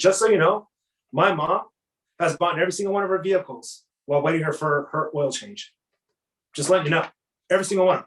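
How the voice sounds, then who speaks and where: An energetic man coaches salespeople in a loose, talkative way and slips into little acted exchanges with customers. His voice sits a bit high for a man. The sound is roomy and echoey. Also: fairly quick. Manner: energetic, acts out customer dialogues. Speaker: sales trainer. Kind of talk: casual sales coaching talk. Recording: echoey room.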